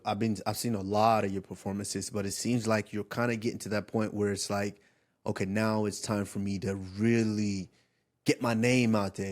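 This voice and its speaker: A man in his thirties co-hosting a casual sports talk show, animated and loose, often restarting his sentences and leaning on fillers as he interviews a guest. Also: fairly low pitch. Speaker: podcast co-host and interviewer. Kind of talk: casual chat.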